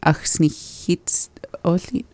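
A woman in a casual language lesson, practising phrases slowly and laughing at her own slips. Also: darkish tone, slight background noise. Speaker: language learner and co-host.

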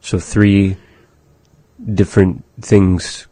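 A man teaching vocabulary in a language lesson, slowly explaining phrases and modeling pronunciation for learners to repeat. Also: deep voice, level tone, mellow, no echo. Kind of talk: language lesson with repetition drills.

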